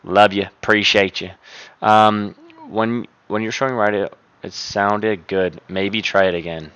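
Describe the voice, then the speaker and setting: A man's voice: on the low side, fairly even intonation, a little slow, fairly bright tone, smooth, dry recording, lo-fi sound. A young man live-streaming from his desk at home, chatting casually and profanely into a desk microphone and rattling off thanks to viewers by name.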